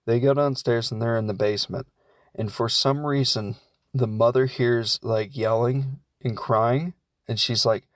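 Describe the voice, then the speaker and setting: Young man, rambling comedic movie recap, average pitch, dry close mic. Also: fairly even intonation, no echo. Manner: rambling, acts out characters' lines in quick asides. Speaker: film recap host.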